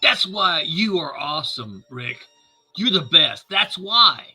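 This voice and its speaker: A man's voice: on the high side, sing-song, slow, pushed and bright, husky, faint music behind. A man playing a tabletop game in character, eager and enthusiastic. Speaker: player.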